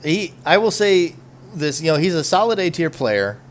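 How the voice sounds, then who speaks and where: A man's voice: on the high side, big pitch swings, moderate pace. Guy hosting a gaming podcast, rambly and opinionated, bit of hiss behind. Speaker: podcast host. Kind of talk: casual esports podcast chat.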